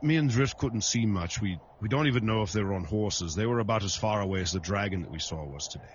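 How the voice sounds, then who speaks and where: A man's voice: fairly low pitch, expressive, quick pace, a little hiss or hum. A man playing a tabletop game, speaking in character in an earnest, rambling way. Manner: earnest, rambling, clears throat. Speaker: player. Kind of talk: in-character tabletop role-play. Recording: dull lo-fi sound.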